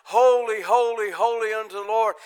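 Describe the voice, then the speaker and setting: A man preaching in church, his voice high and clear. He tells stories full of quoted voices and lifts from easy talk into ringing, fervent preaching. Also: fairly even intonation, normal speed. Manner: builds from quiet talk to loud, high-pitched preaching. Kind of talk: Pentecostal-style sermon.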